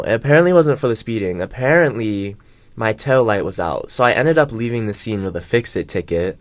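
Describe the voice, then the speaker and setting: A man's voice: mid-range voice, expressive, no echo. Rambling young man, dry lo-fi radio mic. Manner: rambling, filler-heavy, quick asides. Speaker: radio co-host. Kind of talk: casual storytelling chat. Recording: dull lo-fi college radio mic.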